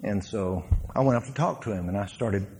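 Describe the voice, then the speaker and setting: A man, a former pro football player, telling stories from his playing days as a sermon to a congregation, laughing and shouting his punchlines. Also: fairly low pitch, a little fast, noisy background.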